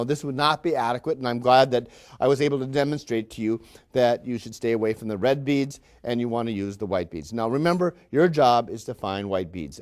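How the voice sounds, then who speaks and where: A man's voice: medium pitch, natural voice. A lecturer playing a pompous, condescending factory manager in a classroom role-play, falsely cheerful as he talks down to his workers.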